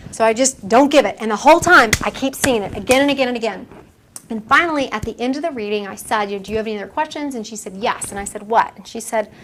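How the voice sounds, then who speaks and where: In a room with a handful of listeners, a female medium lectures in a chatty way, voicing the characters in her anecdotes and breaking into frequent laughter. Her voice is a little high and fairly bright, and some slight hiss or hum is audible.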